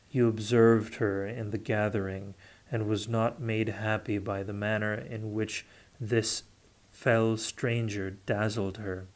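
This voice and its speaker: A man reading a fierce, raging young man. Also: fairly low pitch. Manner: fierce, bitter. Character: young man, powerful, consumed by rage.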